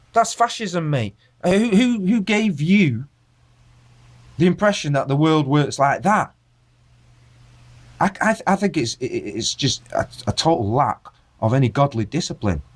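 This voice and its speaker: Man, angry vlog rant, fairly high voice, swooping intonation, preachy questions. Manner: preachy, fires rhetorical questions at viewers. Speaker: vlogger. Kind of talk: impassioned rant to camera.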